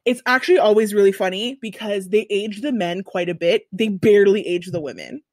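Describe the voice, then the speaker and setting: A podcast co-host, a woman with a medium-pitched voice, tells a long story in casual chat, speaking a little fast with big swings in her voice and some swearing. The recording is clean studio sound with no room sound.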